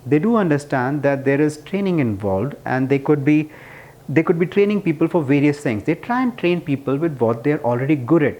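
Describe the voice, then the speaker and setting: A man's voice: fairly high pitch, animated, brisk, muffled recording. Earnest man explaining with a parable. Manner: earnest, with frequent restarts. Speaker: speaker explaining management ideas. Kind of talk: casual explanatory talk.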